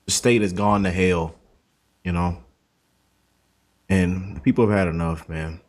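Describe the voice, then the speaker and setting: A man's voice: low voice, steady tone, a little slow, a little mellow. A male show host giving casual commentary, loose and talkative, calling his audience family.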